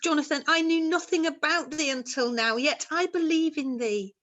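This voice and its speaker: A woman's voice: sits high, normal speed, fairly bright tone, lo-fi sound. A woman playing a ghostly young mother who speaks in archaic thee-and-thou language, earnest and pleading, in an amateur stage drama.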